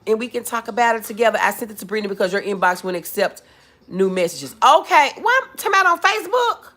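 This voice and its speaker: A woman talks fast in a medium-pitched, fairly bright voice as she hosts a casual livestream. Chatting with viewers and reading their comments, she calls them boo and baby.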